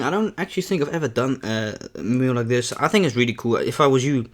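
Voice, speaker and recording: A man's voice: medium pitch, fast. A young man vlogging a mukbang, talking casually and candidly between bites, rambling and often saying "man". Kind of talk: casual talk to camera while eating.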